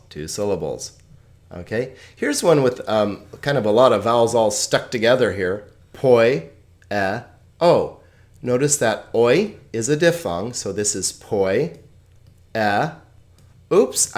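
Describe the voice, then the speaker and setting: A man teaching a relaxed video language lesson, friendly and chuckling often as he explains. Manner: friendly, chuckles often, lively pitch swings.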